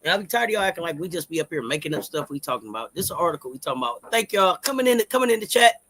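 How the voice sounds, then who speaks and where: A man co-hosting a live-stream sports talk show, hyped and repetitive, shouting out the chat and stumbling through restarts. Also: fairly high pitch, sing-song, very fast, slight background noise.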